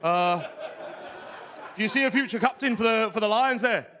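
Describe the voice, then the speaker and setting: A man's voice: high voice, moderate pace, bright, forceful tone, a little hiss or hum. A man from the audience, mumbling a question so it is hard to follow. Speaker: fan asking a question.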